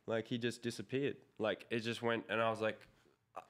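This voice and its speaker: A young Australian pro BMX rider, guesting in a casual interview, tells a story in a lowish, level voice at a fairly quick clip. He rambles, leans on fillers, and swears heavily.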